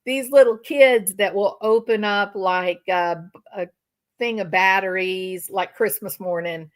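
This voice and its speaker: Older woman commentator, slow deliberate talk, sarcastic and indignant tone. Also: medium pitch. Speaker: commentary channel host. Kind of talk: reaction commentary to live-stream chat.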